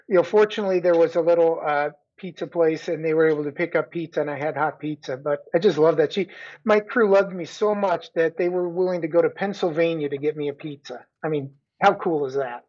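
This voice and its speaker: A middle-aged man, a guest, telling a long story in a relaxed chat with frequent restarts. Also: on the high side, brisk. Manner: chatty, many restarts and laughing asides. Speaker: guest runner. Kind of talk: casual storytelling. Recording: dull lo-fi sound.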